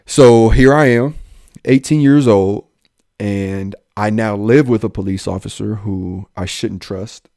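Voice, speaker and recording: A young adult man, a police officer, telling his own life story in an animated way, jumping up in pitch when he quotes people. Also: dry recording, clean studio sound. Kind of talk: personal storytelling in a podcast talk.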